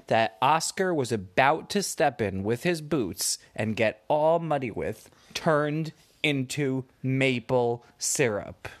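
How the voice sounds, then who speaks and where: A man telling a child an improvised bedtime story in a playful, gentle way. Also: medium pitch. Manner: slow, animated, playful voices.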